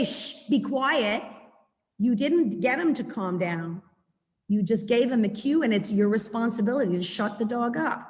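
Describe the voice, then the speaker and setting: A woman teaches dog training in a chatty, animated webinar talk. Her voice sits fairly high. The video-call sound carries a long, lingering reverb. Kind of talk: webinar lecture.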